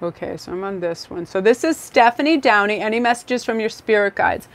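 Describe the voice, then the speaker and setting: A woman's voice: medium pitch, lively intonation, a little fast. A woman hosting a live-stream tarot reading, talking in an effusive, rambling, chatty way with many fillers.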